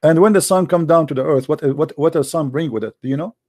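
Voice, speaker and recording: A man hosting a live debate, explaining his points patiently in casual, animated talk and checking often that the listener follows; English is not his first language. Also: a little high, quick pace, no room sound, studio quality. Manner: animated, lively storyteller. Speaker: debate host.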